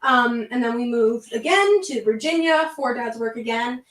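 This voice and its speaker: A woman's voice: a little high, expressive, roomy sound, distant mic. A young woman in her late teens with a Canadian accent, talking in a chatty, giggly way as a guest on a casual video chat. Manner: chatty and giggly, quick with asides.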